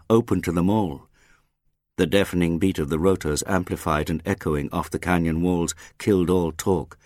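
A man with a very low voice reads a literary audiobook, slow and grave, letting each phrase land. The recording is close and dry, with no room sound. His delivery stays measured and serious throughout. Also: no echo. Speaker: audiobook narrator.

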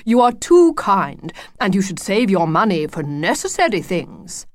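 A woman voicing a proud, excitable male wolf who has just become a father, talking in a grand, formal way. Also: mid-range voice, unhurried, dry recording, voice pushed up.

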